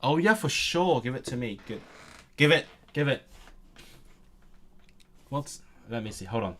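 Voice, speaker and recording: A man's voice: medium pitch, animated, measured pace, a bit bright. Brief young adult man, language streamer, rambly and self-interrupting, mid-range voice. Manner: rambling, restarts often, thinks aloud. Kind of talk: casual livestream chat and reading aloud.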